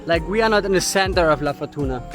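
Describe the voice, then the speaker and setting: A man's voice: on the high side, lively intonation, quick pace, a bit bright, faint music behind. A man with German as his first language, chatting casually as a travel vlogger outdoors on a hiking trail, out of breath from the climb and laughing often.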